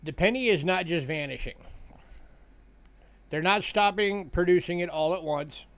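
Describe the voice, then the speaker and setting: A man chats casually as host of a live coin sale stream. His voice sits a little high for a man, and he talks in a loose, relaxed way, filling time with easy remarks to his viewers. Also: moderate pace. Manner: relaxed, chatty, yawning between remarks. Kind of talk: casual livestream chat.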